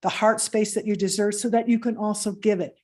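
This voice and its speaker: A woman with a mellow, warm tone speaks gently to the audience. Her advice comes out encouraging and soft. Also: mid-range voice, fairly even intonation, a little fast. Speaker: panelist.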